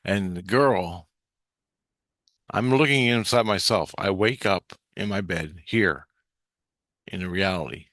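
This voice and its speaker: A man's voice: sits low, a bit bright, no echo, clean studio sound. A man rambling through a profane, intense monologue about his spiritual experiences.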